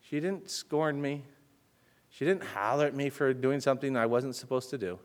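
A man preaching a sermon as a personal story, swinging between loud urgent bursts and hushed, soft passages. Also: mid-range voice, moderate pace. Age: adult with children. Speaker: pastor.

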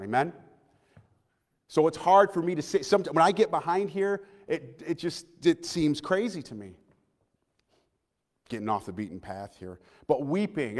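A man in his thirties preaching a personal sermon in a church, earnest, moving between loud appeals and hushed, quiet passages. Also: on the high side. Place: church sanctuary. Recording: long church hall reverb.

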